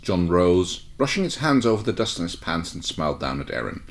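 A man reading a fan fiction story aloud in a relaxed way, with short asides to his co-reader. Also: low voice, a little fast, creaky. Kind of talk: casual read-aloud narration.

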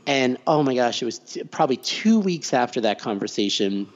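Middle-aged male guest, mid-range voice, lively anecdotal delivery with acted-out quotes, dull lo-fi audio. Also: mid-range voice, moderate pace. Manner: animated storyteller acting out quoted voices. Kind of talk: conversational interview. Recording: dull, slightly lo-fi recording.

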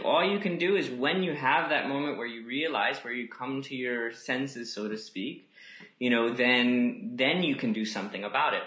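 A man talks in a gentle, musing way, scattering "you know" through his thoughts as a podcast guest. His voice is bright and forward. The room around him is echoey. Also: medium pitch. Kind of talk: reflective casual conversation.

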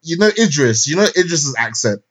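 A man's voice: fairly high pitch, very animated, moderate pace, fairly bright tone. Rambling slangy young man. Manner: rambling with many fillers and restarts, slangy. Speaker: podcast co-host. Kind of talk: casual chat, film review. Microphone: remote call mic.

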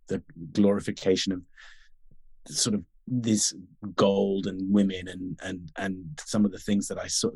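Guy, lowish voice, talks slow and careful, lots of restarts, dry close sound. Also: creaky, darkish tone, husky, dry recording. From Sudan and Britain. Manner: articulate, halting with many restarts. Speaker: guest actor. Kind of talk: reflective interview conversation.

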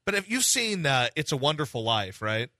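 A man co-hosting a sports talk radio show, chatting casually and rambling into excited outbursts. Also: normal speed, dry recording. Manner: animated, rambling, jumps into high excited outbursts.

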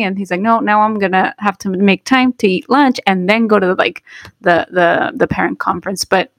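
A woman's voice: medium pitch, fast, no room sound, clean studio sound. A woman in her thirties, co-hosting a casual podcast, chatty and thinking aloud with many fillers. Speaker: podcast co-host. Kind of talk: casual chat.

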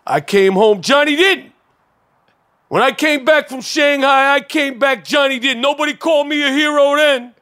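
A man putting on a bitter, traumatized war veteran, lurching from muttering to shouting. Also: very high voice, moderate pace, pitched above the performer's own voice. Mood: anguished ranting. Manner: erratic swings from mutter to shouting.

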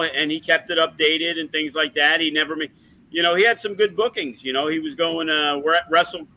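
A man's voice: on the high side, bright, forceful tone, poor audio. A man who is a wrestling promoter, telling rambling, profane stories in a casual podcast chat. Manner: profane, rambling, uses lots of fillers.

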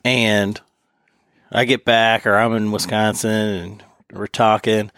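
A man hosting a podcast in casual chat, animated and acting out quotes as he tells stories. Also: on the low side, slow pace, clean tone, no room sound, studio quality. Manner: animated, acts out quotes with laughs. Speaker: podcast host.

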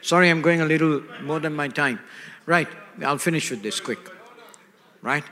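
A man's voice: fairly high pitch, normal speed, bright, forceful tone. An older man preaching a sermon emphatically, checking in with his listeners through call-and-response questions. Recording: echoey hall.

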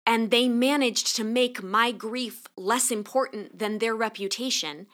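A woman's voice: a little high, unhurried, few pauses, fairly bright tone. A woman podcast host in her thirties telling a painful personal story in an earnest, pointed monologue.

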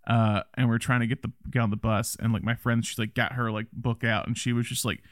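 A man's voice: mid-range voice, a little fast, no echo. Chatty Southern American man, dry sound. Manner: chatty, rambling, with animated quoted asides. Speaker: podcast co-host. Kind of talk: casual film discussion.

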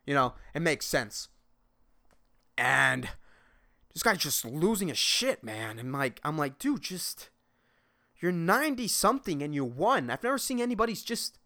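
Animated, profane podcaster. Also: male voice, sits high, measured pace. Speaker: podcast host. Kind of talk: solo rambling podcast monologue.

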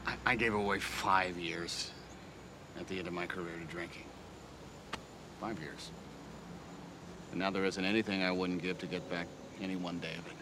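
A rough, blunt former ballplayer turned coach from a film drama, as an actor plays him. His voice sits low and he presses his point hard. The film audio carries a clear layer of background noise. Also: fairly even intonation, normal speed, long pauses, lightly acted. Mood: regretful. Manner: blunt, pleading, forceful. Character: gruff washed-up former baseball star turned coach.

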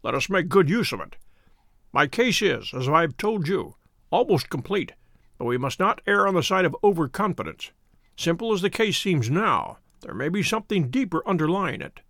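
A man voicing a confident detective who explains things in a measured way. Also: a little high, sing-song, a bit bright, no room sound, clean studio sound. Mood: lecturing.

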